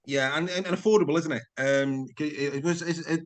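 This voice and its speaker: A man's voice: a little high, fairly quick. Upbeat man hosting an interview. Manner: upbeat, leading questions with tag questions. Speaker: podcast host. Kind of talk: casual interview.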